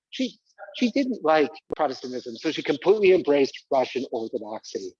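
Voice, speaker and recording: A man's voice: mid-range voice, very animated, normal speed, darkish tone, breathy edge, no room sound, muffled recording. A man performing a live one-man stage show, talking theatrically and prodding the audience to join in. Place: community center stage.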